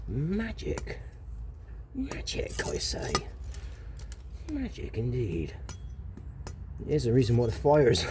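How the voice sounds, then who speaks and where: A rambling, wry man with a West Country English accent, chatting casually to camera while he cooks outdoors. His voice sits a little high, and he keeps muttering asides to himself. Faint outdoor noise runs behind him. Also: creaky, dark tone. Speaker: vlogger. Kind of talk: casual cooking vlog. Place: outdoors at a charcoal fire.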